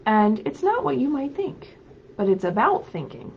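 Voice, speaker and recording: A woman librarian hosting story time, reading picture books aloud to children in an animated, sing-song way and prompting them to join in. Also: fairly high pitch, normal speed, creaky, dull audio, a little hiss or hum.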